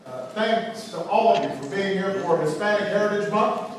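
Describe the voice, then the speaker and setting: A man giving an informal, joking speech at a ceremony, pausing and hesitating often. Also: high voice, animated. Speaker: guest speaker at a ceremony. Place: large reception hall. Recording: echoey hall, from far off, loud crowd. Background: crowd noise.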